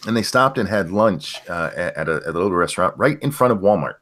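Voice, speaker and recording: A man's voice: low voice, animated, fast talker, fairly bright tone. An older man hosting a casual livestream chat, telling stories with swearing and jokes. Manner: profane, joking storyteller. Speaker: stream host.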